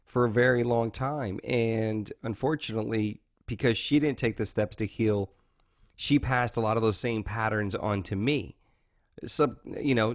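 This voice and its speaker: A man, talking earnestly and openly as an interview guest, often saying "man" and "you know". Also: fairly low pitch. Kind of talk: candid interview talk.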